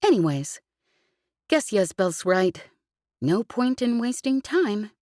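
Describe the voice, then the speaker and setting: A woman's voice: mid-range voice, sing-song, takes it slowly, a little mellow, no room sound, clean studio sound, voice pushed up. Woman doing a cocky smuggler pilot. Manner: cocky, snapping. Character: brash protective female smuggler pilot.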